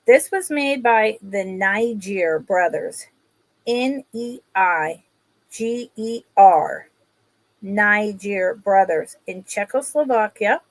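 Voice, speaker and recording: Woman, live sale host, slow unhurried talk, gravelly voice, chatty with viewers. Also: medium pitch, dry recording. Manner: chatty, greets viewers by name, talks while handling items. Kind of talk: casual live-stream sales chat.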